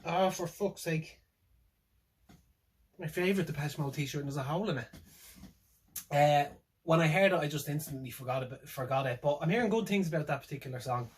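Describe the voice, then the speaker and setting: A man's voice: a little high, fast, poor audio. A man talking casually on his own, reacting to a concert setlist, hesitant and rambling, with lots of fillers and restarts. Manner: wry, laughs to himself. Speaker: music fan reviewing a tour setlist. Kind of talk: casual solo reaction vlog.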